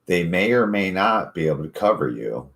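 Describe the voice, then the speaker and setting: Man, forties, podcast host, very low voice, casual profane chat. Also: very animated, moderate pace, vocal fry, a bit bright. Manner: profane, easygoing storytelling.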